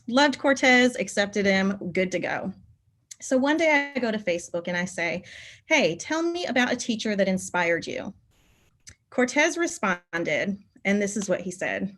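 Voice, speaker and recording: A middle-aged woman speaks as a conference keynote speaker, drawing the listener into heartfelt stories about her former students. Her voice sits at an ordinary middle pitch for a woman. She tells them in an animated, emotional way, and her voice climbs when a memory moves her. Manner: animated, emotional storytelling, voice rising when moved.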